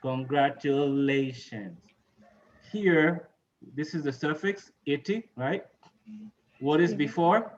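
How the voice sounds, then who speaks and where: A man's voice: a little high, slow, long pauses, lo-fi sound. A man teaching an English pronunciation lesson, patiently repeating words and quizzing his class on which syllable to stress.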